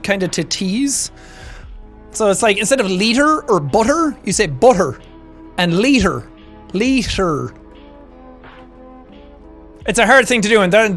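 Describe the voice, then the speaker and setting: A young Irish man livestreaming from a home setup, chatting casually and joking as he reads chat, with a clean studio mic. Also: high-pitched. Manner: joking, animated, mimics accents for laughs. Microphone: studio shotgun mic with filters.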